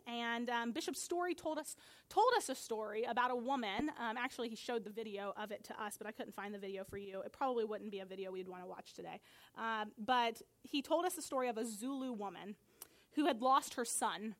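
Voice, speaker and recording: A woman pastor preaching a sermon, telling a story earnestly and building to emphatic high points.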